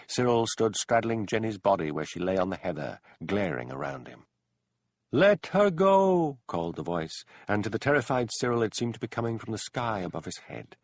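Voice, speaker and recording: Low gravelly guy reading an audiobook, lots of ups and downs, dry close sound. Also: no room sound. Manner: expressive storytelling with character voices. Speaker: audiobook narrator. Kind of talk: scripted audiobook narration.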